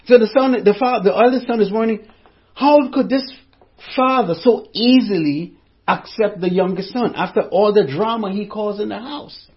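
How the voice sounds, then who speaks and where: A man preaches a sermon in a high, conversational voice, often repeating himself and addressing his listeners directly. The recording sounds dull and lo-fi. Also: normal speed.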